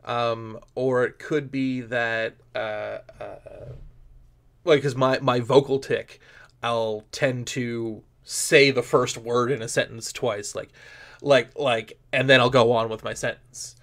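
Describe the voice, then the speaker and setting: A man of middle pitch talks as a comedy-improv guest on a podcast. He rambles, restarts his sentences and fills pauses with "uh" and "like". He is animated and laughs easily. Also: creaky. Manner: rambling with many fillers and restarts. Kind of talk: casual podcast interview.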